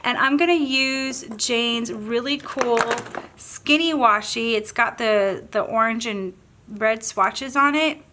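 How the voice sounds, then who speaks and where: Southern lady gabbing thru a watercolor tutorial, bright voice, kinda high, faint hiss behind. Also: takes it slowly. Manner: chatty, bubbly, thinks aloud while painting. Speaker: craft tutorial host. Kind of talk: casual painting tutorial.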